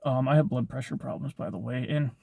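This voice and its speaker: A man's voice: mid-range voice, steady tone, quick pace, gravelly, mellow, husky, dry recording, studio quality. A young man casually telling a personal story on his vlog, rambling, with lots of filler words and swearing. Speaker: vlogger.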